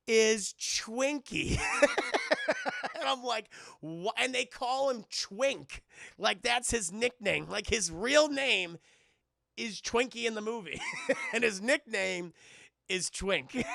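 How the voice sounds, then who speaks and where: Gravelly, bright-voiced man recapping a film. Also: high voice, lively intonation, slow, pauses often, dry recording, clean studio sound. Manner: profane, rambling, acts out quotes. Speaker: streamer reviewing a film. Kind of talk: casual spoiler recap to live chat.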